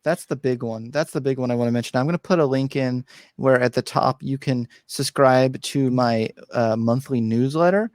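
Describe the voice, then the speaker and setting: A man's voice: mid-range voice, normal speed, dry recording. Playful man on a video call. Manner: playful, self-promoting with joking excitement. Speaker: guest, psychologist. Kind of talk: casual panel chat.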